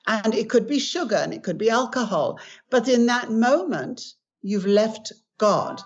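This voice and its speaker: A woman's voice: fairly high pitch, expressive, a little slow. An older woman, a guest author, earnestly teaching about spiritual acceptance and telling stories in conversation. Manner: earnest, storytelling with acted quotes. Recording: dull lo-fi recording.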